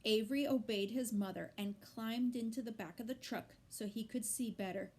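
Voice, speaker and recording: A woman reading a children's novel aloud with slow, deliberate narration. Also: fairly high pitch, a little mellow, breathy edge. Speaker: reader.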